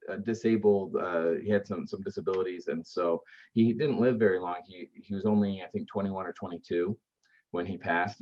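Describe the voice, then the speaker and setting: Interviewed on a podcast, the founder of an aftercare service tells heartfelt stories about supporting bereaved families, often restarting and using fillers. His voice is lowish and darkish, captured in a dull, lo-fi recording.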